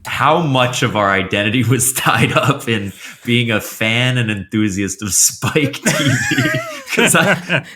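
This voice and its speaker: A man's voice: medium pitch, background noise. A man hosting a comedy podcast, teasing his co-hosts and laughing readily. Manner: teasing, lively, quick to laugh. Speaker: podcast host. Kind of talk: casual comedy chat.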